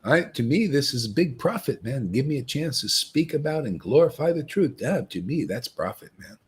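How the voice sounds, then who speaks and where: Male spiritual teacher, husky, lively swoops in pitch, rambling storyteller. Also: moderate pace. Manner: rambling, animated storytelling that mocks other devotees. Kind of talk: informal spiritual talk.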